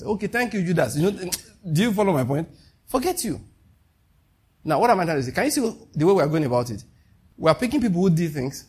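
A preacher delivers a sermon in a husky, slightly high voice. He keeps asking his listeners rhetorical questions and chuckles at his own jokes as he goes. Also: darkish tone.

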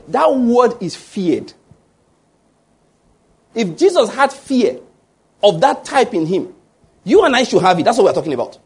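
A man's voice: high-pitched, slightly rough. A man preaching a sermon, often asking the congregation fill-in-the-blank questions. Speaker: pastor.

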